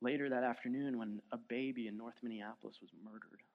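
A man preaching a sermon as pastor, earnest, moving from soft, low passages to loud, emphatic ones. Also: fairly even intonation, quick pace. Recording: dull lo-fi sound.

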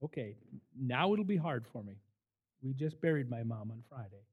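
An older man, a camp director, giving a sermon full of stories, emphatic and animated as he acts out what people said. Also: mid-range voice, normal speed, slightly rough, phone-quality sound. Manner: animated, emphatic storyteller who acts out quotes. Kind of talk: sermon with storytelling.

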